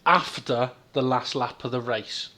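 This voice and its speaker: A man from the UK hosting a casual podcast chat over a call, hesitant with many ums and quick laughs. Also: mid-range voice, pushed and bright. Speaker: podcast host.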